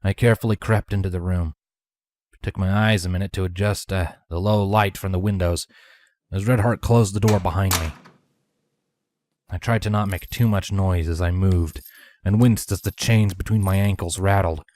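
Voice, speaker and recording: Deep-voiced man reading a story. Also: steady tone, no room sound. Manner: measured first-person narration, dropping to hushed whispers for dialogue. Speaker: narrator. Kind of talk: fanfiction audiobook reading.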